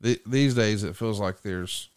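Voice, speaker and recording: A man hosting a podcast in casual chat, retelling stories with lively jumps in voice when quoting others. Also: lowish voice, measured pace, clear, resonant tone, no echo, studio quality. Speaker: podcast host.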